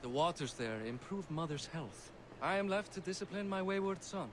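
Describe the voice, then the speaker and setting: A man's voice: on the high side, lively intonation, moderate pace, noisy background, natural voice. An actor playing a proud, hearty middle-aged Norse king in a video game. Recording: game audio over loud city ambience.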